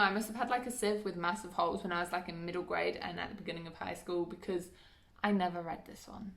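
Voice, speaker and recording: Young woman, casual vlog host, brisk list-reading, chatty asides, mid pitch. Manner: chatty, reads titles briskly, self-deprecating asides. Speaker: book vlogger. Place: at home by a bookshelf.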